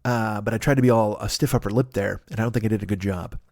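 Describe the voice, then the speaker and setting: A man in his forties, host of a comedy podcast, rambling through a profane, animated monologue with lots of asides. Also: fairly low pitch, quick pace, dry recording, studio quality. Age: 40s.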